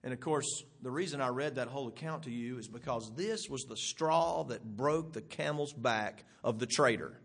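A man preaching a sermon, animated, with emphatic bursts and rhetorical questions to the congregation, with a husky voice. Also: mid-range voice, normal speed, few pauses.

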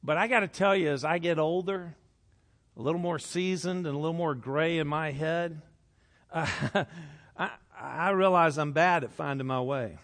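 A middle-aged man preaching, with a voice sitting a touch high for a man. He moves between soft, hushed confessions and sudden loud, excited bursts, keeping the congregation's attention. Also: a little slow. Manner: animated, swinging from hushed to loud. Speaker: pastor. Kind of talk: sermon.

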